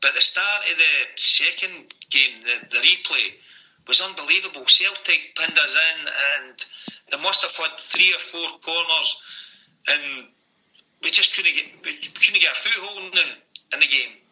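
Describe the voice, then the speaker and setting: A man's voice: on the high side, unhurried, bright, forceful tone, poor audio. A middle-aged Scottish man, a former footballer, telling long stories in an interview, often repeating "he says" and "I says". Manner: rambling anecdotes with repeated "I says". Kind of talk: storytelling interview.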